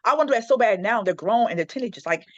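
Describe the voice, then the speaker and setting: A woman's voice: a little high, racing, dry recording. Her speech races along, dry and close, with a dull, lo-fi recording that dulls the top end. She is a mother in her forties, chatting with friends on a podcast and acting out her kids' arguments as she goes. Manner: animated storyteller acting out her kids' quarrels. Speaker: panelist. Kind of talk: casual podcast chat.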